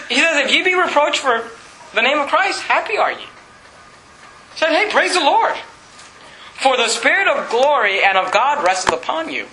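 A man preaching a sermon as a pastor, fervent and rising to shouts at times. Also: high voice, echoey room, slight background noise, rough recording. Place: church sanctuary.

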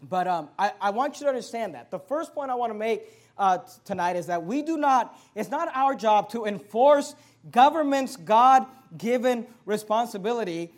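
Very high-voiced fervent male preacher. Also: animated, normal speed. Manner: fervent, emphatic, swings between quiet and loud. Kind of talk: sermon with scripture reading.

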